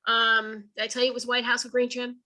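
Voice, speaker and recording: This author and speaker tells stories to an online audience over a video call, her voice bright, lively, fairly high and brisk. She chats in colloquial, folksy phrasing and acts out the quoted dialogue, though the recording is rough.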